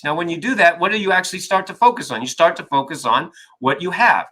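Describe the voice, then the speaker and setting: A man's voice: fairly high pitch, lively intonation, a little fast, few pauses, pushed and bright, rough recording. A man being interviewed as an author and coach, talking emphatically and often checking in with "right?". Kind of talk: energetic interview talk.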